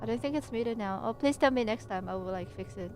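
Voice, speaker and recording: A woman's voice: on the high side, quick pace, a little mellow, faint music behind. A woman livestreaming, chatting in a playful, rambling and silly way between reading passages from her home PC setup. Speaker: VTuber streamer.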